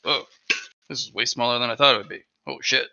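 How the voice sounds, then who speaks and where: A man chatting casually at home on an online call, rambling and animated, talking to his dog between stories. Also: mid-range voice, fast, a little hiss or hum. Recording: dull, dry lo-fi mic.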